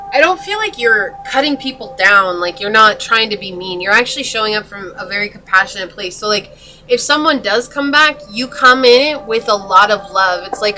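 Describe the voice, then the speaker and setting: A woman's voice: mid-range voice, bright, forceful tone, a little hiss or hum, low-quality recording. A woman giving a tarot reading in a chatty, casual way, talking straight to the viewer and laughing often. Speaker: tarot reader.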